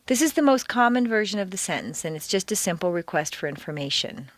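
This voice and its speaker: A woman reading a scripted lesson, clear and deliberate, exaggerating stress in her examples. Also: medium pitch, animated, no echo. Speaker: accent coach.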